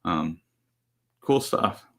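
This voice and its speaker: A man co-hosting a casual chat, easygoing and trailing off softly at times. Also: low voice, animated, extremely slow, creaky. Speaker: podcast co-host.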